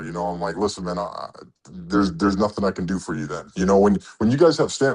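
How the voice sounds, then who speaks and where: A man's voice: sits low, quick pace, darkish tone, breathy edge. A man coaching truckers in a blunt, profane motivational talk, acting out quoted exchanges as he goes. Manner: blunt, swears a lot, acts out quoted exchanges.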